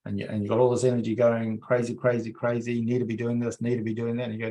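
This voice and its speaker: A man leading a guided energy-healing meditation for a group, coaxing softly and repeating himself, with many fillers. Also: mid-range voice, steady tone, fast talker, creaky, hardly any pauses.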